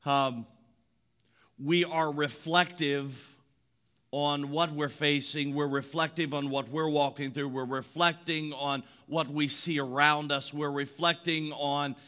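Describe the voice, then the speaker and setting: A man delivers a sermon in a bright, forceful voice that sits a little high, with a slow, deliberate pace. He repeats short phrases rhythmically and climbs to shouted emphasis. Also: steady tone. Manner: builds from quiet reflection to shouted emphatic preaching. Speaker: pastor.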